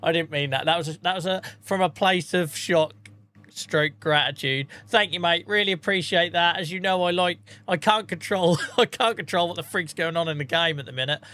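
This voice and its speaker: A man's voice: a little high, moderate pace, sharp tone. A tired man chatting casually to viewers on a live stream, rambling, swearing freely and laughing at himself. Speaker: game streamer.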